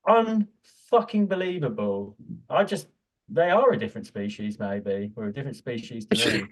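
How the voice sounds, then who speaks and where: A man's voice: mid-range voice, expressive, normal speed. A man co-hosting a casual comic podcast about books, ranting and swearing in mock outrage. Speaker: podcast co-host. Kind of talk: casual comic book-review chat.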